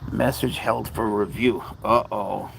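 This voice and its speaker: A man's voice: fairly low pitch, steady tone, takes it slowly, vocal fry, heavy background noise. A man hosting a casual livestream, rambling as he talks to his cats and answers viewers' chat. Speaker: livestream host.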